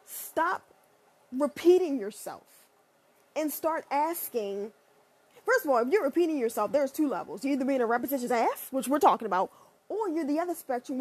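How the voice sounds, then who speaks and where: A woman ranting in a blunt, profane and sarcastic monologue, leaping up and down in pitch. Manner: animated, with sudden pitch jumps.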